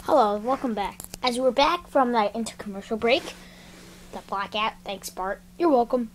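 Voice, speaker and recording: A woman's voice: fairly high pitch, normal speed, slight background noise. A woman hosting a homemade comedy talk show in a playful, silly, mock-announcer way.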